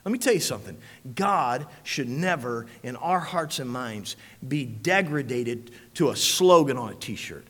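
A man's voice: medium pitch, expressive, unhurried, hardly any pauses. Preaching man in a reverberant hall. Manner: preaching with big swings from hushed to shouting. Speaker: pastor. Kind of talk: sermon.

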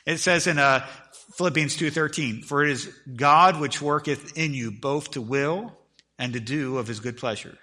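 Bright-voiced man preaching a sermon. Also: on the high side, moderate pace. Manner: emphatic preaching, rising and falling in volume; repeats words when restarting. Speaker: pastor.

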